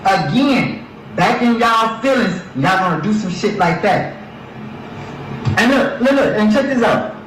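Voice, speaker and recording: A man's voice: sits high, expressive, measured pace, long pauses, fairly bright tone. A man ranting in an agitated, profane, rambling way about accusations made against him, recorded as a clip. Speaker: person addressing allegations online. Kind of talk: heated rant. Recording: echoey, distant, noisy clip.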